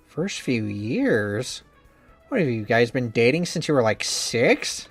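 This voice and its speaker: A man's voice: mid-range voice, big pitch swings, slow, breathy edge, dry recording, soft background music. A man reading a visual novel game aloud as the male lead, wry, teasing and blunt in manner. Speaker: game narrator and reader.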